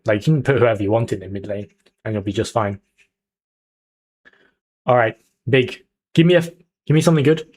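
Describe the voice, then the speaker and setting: A young man hosts a casual livestream, talking straight to his chat in an excited, chatty way. His voice sits in a middle pitch, and he keeps the energy up as he riffs with viewers. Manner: chatty, hyped, talks to chat. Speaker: streamer.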